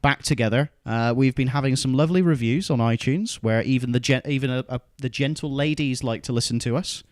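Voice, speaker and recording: A man's voice: medium pitch, a little fast, no room sound, studio quality. A man hosting a casual podcast, ranting and swearing in mock outrage. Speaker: podcast host.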